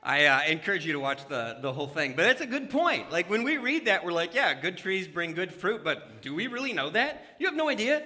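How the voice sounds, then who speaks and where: In a church sanctuary, a man with a high, bright, forceful voice preaches a conversational sermon, very animated and a little fast with few pauses. He asks the congregation questions along the way, and the church hall reverb is audible.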